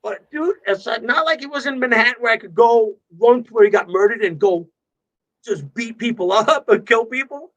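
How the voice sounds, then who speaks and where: A man's voice: extremely high pitch, normal speed, lo-fi sound. Rambling, profane man on a video call. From New York. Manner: rambling, profane, laughs often. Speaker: guest musician. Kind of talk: casual livestream chat.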